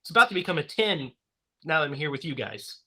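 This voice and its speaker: A man's voice: a little high, sing-song, fast talker, bright, forceful tone, husky. A man hosting a casual horror movie podcast, upbeat and laughing often. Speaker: podcast host.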